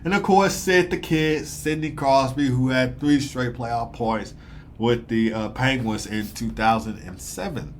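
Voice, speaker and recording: A young man giving a casual, rambling hockey game recap, talking fast with lots of fillers and excited bursts. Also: medium pitch, a little hiss or hum. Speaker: sports commentator.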